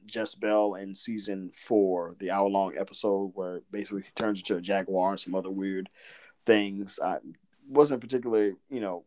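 A man from Southern Georgia with a faint Southern accent, co-hosting a podcast and telling stories in a rambling way with frequent laughter. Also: lowish voice. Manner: rambling, laughs often, lively storytelling. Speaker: podcast co-host. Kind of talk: casual chat.

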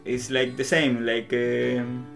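With guitar music in the background, a young native Spanish speaker from Latin America chats casually in English, with a Latin American Spanish accent, as a podcast guest. His mid-range voice is monotone, slow and fairly bright, with vocal fry. His delivery is hesitant, marked by restarted sentences and little acted-out exchanges.

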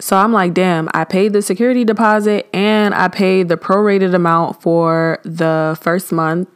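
A young woman vlogger telling a dramatic story in a casual, animated way, acting out the voices of the people in it. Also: on the low side, a little slow, clean tone.

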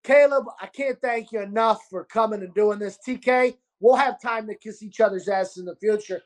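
A man with a New York accent hosting a casual podcast, talking in an animated, gruff way and calling people dude and brother. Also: high-pitched, moderate pace. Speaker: podcast host and restaurant owner.

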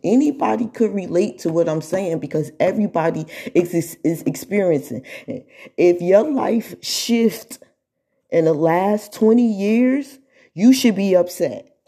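A woman's voice: on the low side, a little slow, husky. A woman influencer talking casually and animatedly to her viewers, laughing often and mimicking what people will say about her. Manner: animated, laughing often, mocking imitations of others. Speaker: social media influencer.

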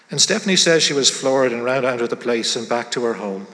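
A man preaching a sermon, telling a story dramatically and shifting between loud passages and hushed ones. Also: medium pitch, fast talker, few pauses. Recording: long hall reverb.

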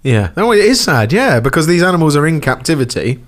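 A man's voice: fairly high pitch, very animated, brisk. Teasing man on a podcast. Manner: teasing, chatty. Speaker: podcast co-host. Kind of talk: casual chat.

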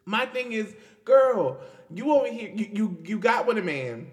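High, lively man laughing through commentary. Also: a little slow. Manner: animated, laughs often, repeats "girl" and "like". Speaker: podcast host. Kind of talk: casual commentary.

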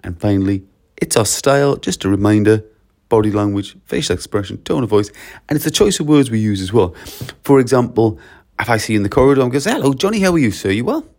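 Gravelly low-voiced man. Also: quick pace, a little mellow. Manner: chatty, anecdotal, acts out short exchanges. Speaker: school leader. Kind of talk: casual solo podcast.

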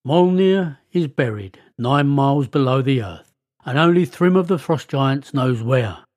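A man's voice: medium pitch, expressive, measured pace, darkish tone, dry recording, studio quality, lightly acted. A man reading as a sly trickster god. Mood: calm.

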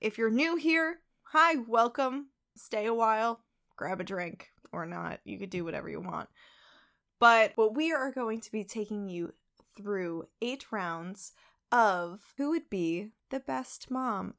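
A young woman with a New York accent chats her way through a podcast she co-hosts. She rambles a little, apologizes often and laughs at herself, all at an easy conversational pitch. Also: lively intonation, unhurried, vocal fry, a bit bright. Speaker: podcast co-host. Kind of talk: casual chat.

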